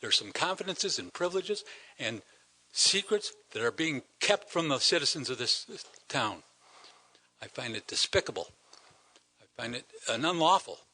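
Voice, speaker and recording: Older man, citizen delegate at a council meeting; indignant, emphatic, bright forceful voice with wide swings in pitch. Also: big pitch swings, moderate pace. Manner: indignant, emphatic, rhetorical questions. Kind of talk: public comment speech.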